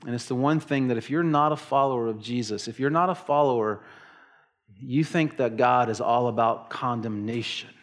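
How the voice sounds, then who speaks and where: A middle-aged man preaching a sermon, swinging between loud emphatic bursts and hushed, quiet asides. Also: medium pitch. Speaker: pastor.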